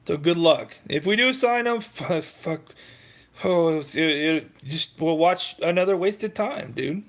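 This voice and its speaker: A man's voice: fairly high pitch, expressive, slow pace, fairly bright tone. A man hosting a heated, profane sports rant, arguing with commenters.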